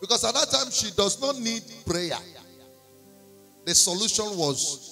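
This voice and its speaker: A Nigerian man delivers a sermon, his fairly high voice bright and gravelly. He tells a personal testimony with pidgin asides. Music plays behind him in the church. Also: sing-song, unhurried. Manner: storytelling, slipping into pidgin, rising to shouts and singing. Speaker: prophet preaching. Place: church service.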